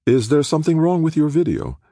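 A man's voice: a little high, big pitch swings, fairly quick, dark tone, no echo, clean studio sound, voice pushed up. A man voicing a powerful chairwoman who speaks almost pleasantly while making veiled threats. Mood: silky menace. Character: powerful woman chairwoman, silky and menacing.

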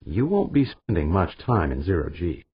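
A man voicing an easygoing, friendly businessman in an audiobook, in a relaxed, plain manner. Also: sits low, moderate pace, slightly rough, no echo, dull audio, exaggerated voice. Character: easygoing middle-aged businessman.

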